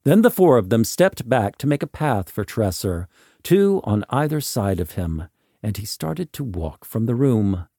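A man narrating a story in a slow, measured and expressive way. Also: medium pitch, no room sound, studio quality.

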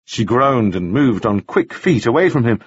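A man narrating a novel in measured, expressive storytelling. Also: mid-range voice, husky, no echo, dull audio. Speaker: audiobook narrator. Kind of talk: scripted narration.

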